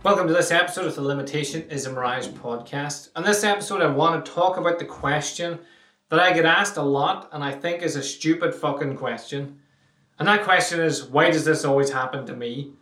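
A man hosting a solo podcast, blunt and swearing, mocking complaints with a fairly high voice. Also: a little fast, pushed and bright, roomy sound, far from the mic, faint music behind. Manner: blunt, swearing, mocks whiny questions. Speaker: podcast host.

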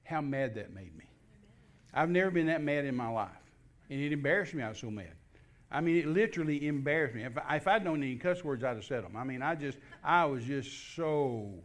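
An older man telling a personal testimony in a folksy way, acting out the dialogue as he goes. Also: fairly high pitch. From Texas. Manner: folksy, repetitive restarts, animated quoting of dialogue. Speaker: guest minister.

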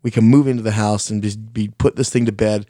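A man's voice: fairly low pitch, fairly even intonation, quick pace, dark tone, dry recording, clean studio sound. A man telling a long story in casual chat, blunt and frank, swearing often and rambling, and openly critical of himself. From Mexican heritage.

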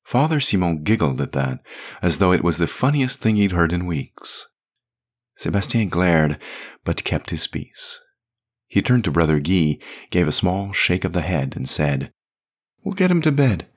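A man narrating a story podcast in an expressive, measured way. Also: low-pitched.

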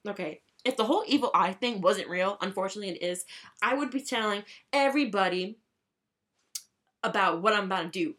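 Bright-voiced young woman vlogging casually. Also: fairly quick. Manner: chatty, profane, bursts into excited high shrieks. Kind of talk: casual chat.

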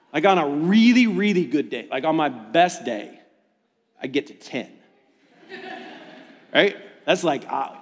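Animated high-voiced pastor in a hall. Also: male voice. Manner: animated, self-deprecating storytelling with rising pitch when excited. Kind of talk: sermon.

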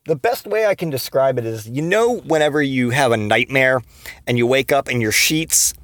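A man's voice: mid-range voice, lively intonation, normal speed, fairly bright tone, no echo. Give me a man doing a rambling comedy podcast monologue, recorded dry and close. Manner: rambling, giggly, lots of fillers and restarts. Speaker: podcast host.

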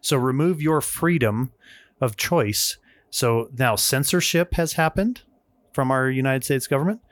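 A man co-hosting a casual political podcast, talking in an animated, emphatic way and often repeating phrases. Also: mid-range voice, a little slow, no echo. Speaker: podcast co-host.

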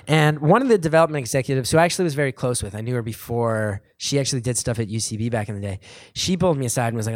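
A man in his thirties talks casually to a live audience, rambling and self-deprecating, full of "like" and false starts. His middle-pitched voice is recorded close and dry, with no room echo. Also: quick pace. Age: 30s. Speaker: comedian answering audience questions.

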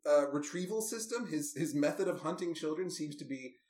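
A man's voice: a little high, lively intonation, brisk, darkish tone. A man casually recapping a movie with a co-host, wry and amused, with lots of asides. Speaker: podcast co-host. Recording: roomy echoey room.

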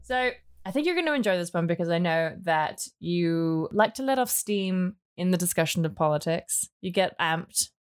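A woman's voice: fairly low pitch, expressive, normal speed, hardly any pauses, clean tone, faint music behind. A woman co-hosting a podcast in casual chat, dry and teasing. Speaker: podcast co-host.

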